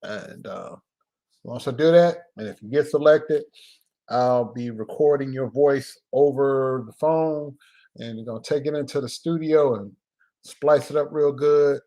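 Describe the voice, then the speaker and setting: A man's voice: medium pitch, warm tone. Guy on a live stream, easygoing, jokey, keeps cracking himself up. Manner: loose and joking, breaks into laughter, drawn-out pauses. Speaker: filmmaker and live-stream host. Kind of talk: casual live-stream chat.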